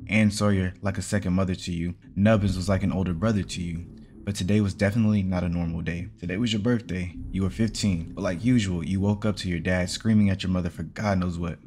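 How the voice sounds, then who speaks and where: A man reading a fan story aloud in a plain, steady storytelling manner. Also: low-pitched, quick pace, a little hiss or hum. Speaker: story reader.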